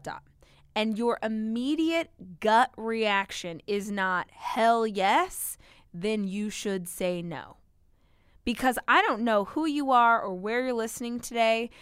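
A woman's voice: mid-range voice, fairly bright tone, smooth, no room sound, studio quality. A woman hosting a solo motivational podcast as a business owner, talking energetically and emphatically straight to her listeners.

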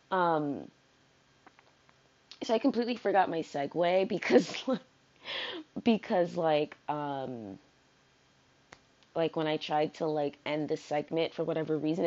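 Low-voiced rambling woman podcaster. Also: a little mellow, dull audio. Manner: rambling, heavy on fillers, swears freely. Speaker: solo podcast host. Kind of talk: casual unscripted podcast monologue.

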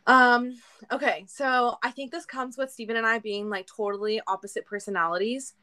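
Talkative chatty woman, higher voice. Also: moderate pace. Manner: talkative, animated, laughing often. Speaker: podcast co-guest. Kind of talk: casual chat.

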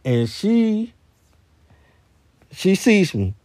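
A man's voice: high voice, sing-song, extremely slow, darkish tone, no echo, clean studio sound. A man who works in a store, telling a rambling story in a casual voice message, with many repeated words. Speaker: retail store worker.

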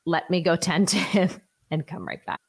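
A woman's voice: fairly low pitch, fairly even intonation, moderate pace, breathy edge. Chatty woman hosting a podcast. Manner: chatty and enthusiastic, with asides. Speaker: podcast host. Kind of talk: solo gift-guide podcast.

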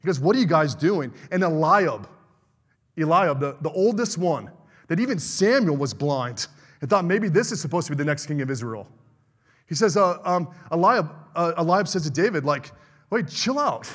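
A man's voice: fairly high pitch, lively intonation, normal speed, fairly bright tone, slightly rough, big-room sound. A middle-aged male pastor preaching a fervent sermon, calling out to the congregation for amens.

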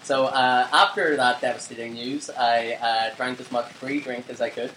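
A young podcast co-host tells a long, rambling story in casual chat, swearing and laughing often, in a steady, sharp, medium-pitched voice at normal speed. He's in a flat, and the roomy home recording has faint ambience and slight background noise.

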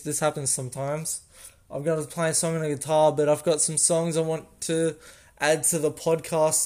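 Rambling Australian guy, flat delivery. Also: fairly high pitch. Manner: rambling, loses his train of thought, self-correcting with little laughs. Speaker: podcast host. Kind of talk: casual solo podcast chat.

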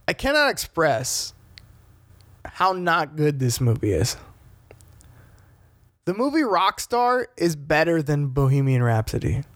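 A young man delivers a solo podcast rant in a fairly high voice, blunt and full of profanity. The sound is dry and close, with no room around it. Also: takes it slowly, pauses often, dry recording. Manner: blunt, profane, animated ranting. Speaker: podcast host.

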